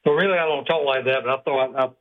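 A man's voice: medium pitch, very fast, no room sound, phone-quality sound. A man from South Carolina with a thick Southern accent, calling in to a radio show and joking about his own drawl. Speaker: caller. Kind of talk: casual phone call.

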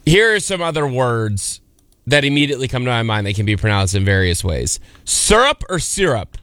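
A man's voice: medium pitch, lively intonation, a little fast, a bit bright, smooth, no echo. A man co-hosting a casual chat, playfully teasing over pronunciations and saying "like" a lot. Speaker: co-host.

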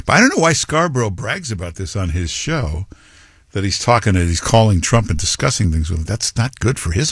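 A man hosts a political talk monologue, rambling and opinionated. His lowish voice swings widely in pitch, and the recording is dry and close. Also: creaky, husky, no echo. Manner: rambling, opinionated, with quoted impressions. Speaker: talk radio host.

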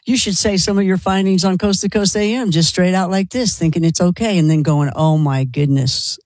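A talk show host chatting casually and warmly affirming the guest. The voice sounds dry and close, with no room around it. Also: mid-range voice, a little fast, dry recording. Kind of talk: casual chat.

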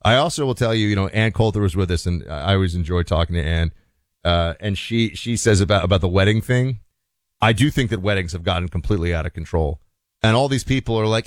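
A man's voice: fairly low pitch, lively intonation, a little fast, dry recording, clean studio sound. A man hosting a radio talk show, giving a rambling, opinionated monologue full of restarts and quoted asides.

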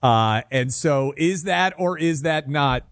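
A man's voice: on the high side, lively intonation, slow, no echo. Man, talk radio co-host, casual banter, blunt, self-deprecating, dry close sound.

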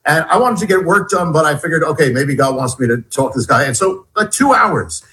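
A middle-aged man with a fairly high voice tells his story in an animated, halting way. He breaks off and restarts his sentences as he goes. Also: poor audio. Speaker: guest author. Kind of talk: storytelling in an interview.

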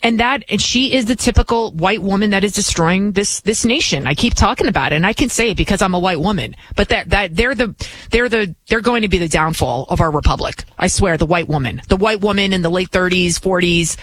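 A woman's voice: mid-range voice, a little fast, slight background noise, poor audio. A woman filling in as a talk radio host, delivering blunt, combative and opinionated commentary.

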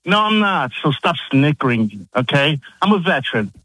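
A man calling into a radio show, defensive and sarcastic as he argues with the host. His voice sits slightly high. The sound is close and dry. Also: very animated, normal speed, fairly bright tone, breathy edge, no echo, poor audio. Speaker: caller. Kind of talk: call-in radio conversation.

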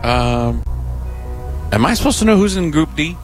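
A man hosting sports talk radio, joking bluntly and drawing out his points slowly. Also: fairly high pitch, very animated, faint music behind, poor audio. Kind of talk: casual sports radio banter. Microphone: studio microphone.

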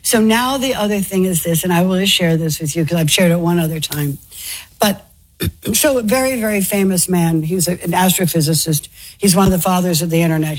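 A woman tells a personal story in a breathy, slightly husky voice. She speaks earnestly, often stumbling and restarting as she goes, and she is visibly moved by her own account. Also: fairly low pitch. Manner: earnest, emotional, halting with many restarts. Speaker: interview guest.

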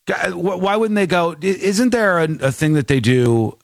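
Guy radio host, super lively up and down voice, dry studio sound, loves doing little impressions. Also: high voice, normal speed, creaky, dry recording. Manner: animated, mimics voices while telling stories. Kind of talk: casual talk radio chat.

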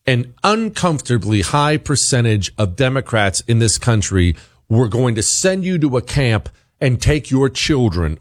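Combative talk radio man, lively pitch. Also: dry recording, studio quality. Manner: combative, rhetorical questions, emphatic. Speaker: radio talk show host. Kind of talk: opinionated talk radio monologue and host-read ad.

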